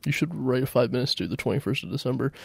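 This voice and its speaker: A young stand-up comic co-hosting a podcast, joking around and doing mock-announcer plugs. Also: male voice, mid-range voice, rapid-fire, vocal fry, darkish tone, breathy edge, dry recording, clean studio sound. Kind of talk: casual comedic banter.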